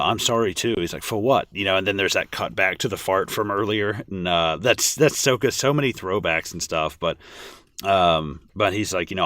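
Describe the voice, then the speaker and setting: A man's voice: sits low, bright, forceful tone, dry recording, clean studio sound. A man co-hosting a podcast, chatting casually about a film with lots of restarts and fillers. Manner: rambling with many restarts and fillers. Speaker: podcast co-host. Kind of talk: casual film commentary chat.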